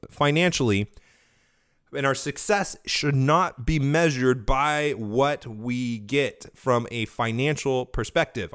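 A man's voice: mid-range voice, dry recording. A man hosting a solo podcast, talking casually and thinking aloud while getting over a cold, with a dry throat. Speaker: podcast host.

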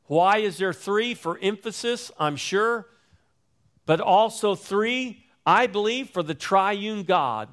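A man preaching in a measured, deliberate sermon voice that sits a little higher than most men's. He lingers on his words and repeats key phrases for emphasis. His voice climbs, then sinks low and quiet at the close of a thought. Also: animated. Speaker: pastor.

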